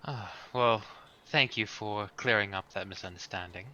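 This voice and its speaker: A man voicing a haughty, high-ranking noblewoman in a tabletop game, commanding and proper. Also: normal speed, pushed and bright, a little hiss or hum. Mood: gracious. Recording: dull lo-fi mic.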